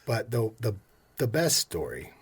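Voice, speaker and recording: Low-voiced man telling lively stories. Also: a little slow, a crowd in the background. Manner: animated storyteller, acts out customers' lines. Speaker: mortgage loan officer, podcast guest. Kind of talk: casual storytelling interview.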